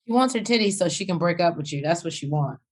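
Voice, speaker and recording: A woman with a fairly low voice recaps a reality show in a loose, casual chat. She tells the story animatedly, acting out each person's lines and swearing freely. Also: lively intonation, fast talker. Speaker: podcast co-host.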